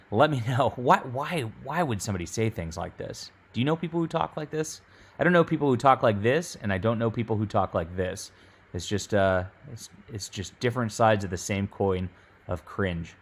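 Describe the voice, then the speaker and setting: A man with a casual vlog delivery, exasperated and mocking, full of fillers and restarts. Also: on the low side. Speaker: YouTube commentator.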